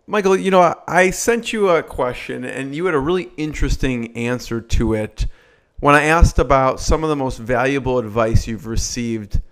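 A man's voice: medium pitch, moderate pace, fairly bright tone, clean tone. A man hosting an interview, asking casual questions with hesitant fillers. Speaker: host. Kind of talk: interview conversation.

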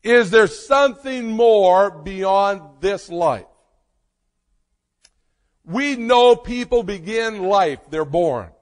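A pastor preaching a sermon with slow, emphatic delivery and dramatic pauses. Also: male voice, high voice, expressive, long reverb tail.

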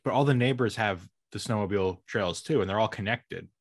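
A man's voice: on the low side, brisk, slightly rough, no room sound. A man in his thirties chatting casually as a podcast cohost, rambling and trailing off, laughing often, over a call mic. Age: 30s. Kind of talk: casual chat. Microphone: remote call mic.

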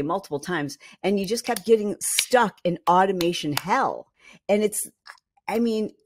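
A woman host talks casually on her podcast, piling up fillers as she vents her frustration. Her voice sits a little low, and her delivery is lively and irritated. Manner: animated, exasperated ranting with frequent fillers.

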